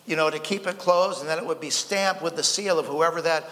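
Male pastor, high voice, folksy sermon delivery, long hall reverb. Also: a little fast, a bit bright. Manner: folksy, repeats words, tells light jokes.

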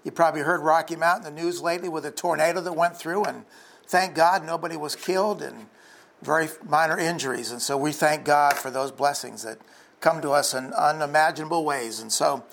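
A man's voice: a little high, fairly quick, vocal fry, a bit bright. A man pastor preaching a sermon for an online church, telling stories and jokes and acting out the voices in them.

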